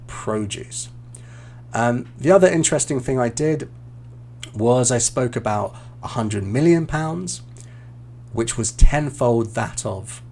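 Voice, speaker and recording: Slow gravelly British tutor, man. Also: medium pitch, darkish tone, slight background noise. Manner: slow, explaining, repeats words for learners. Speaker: English exam tutor. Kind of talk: online teaching walkthrough.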